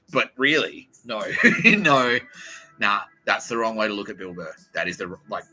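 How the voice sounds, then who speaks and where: A man hosting a podcast, riffing in a profane, excitable, repetitive comedic monologue. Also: lowish voice, moderate pace, low-quality recording. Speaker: podcast host.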